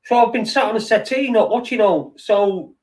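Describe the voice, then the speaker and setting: Man, middle-aged, rambling and sweary, fairly high voice, set back from the mic. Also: normal speed, a little mellow. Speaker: podcast host. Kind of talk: casual late-night chat. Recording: distant from the mic.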